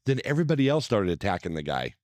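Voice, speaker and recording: A middle-aged man co-hosting a casual chat, telling an animated story, swearing a lot and acting out what people said. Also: fairly low pitch, rapid-fire, no echo. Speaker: podcast co-host. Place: cigar lounge.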